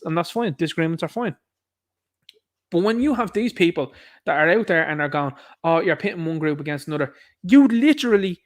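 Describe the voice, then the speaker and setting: A man hosting an online commentary show, ranting indignantly at the viewer in a repetitive way. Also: fairly high pitch.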